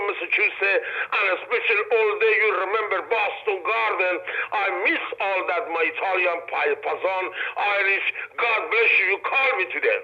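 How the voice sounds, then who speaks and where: An older man calls in over a dull, lo-fi phone line. His voice sits high, and his broken English is warm with gushing thanks and blessings. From Iran. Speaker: phone-in guest, retired wrestler. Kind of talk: phone interview. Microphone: telephone.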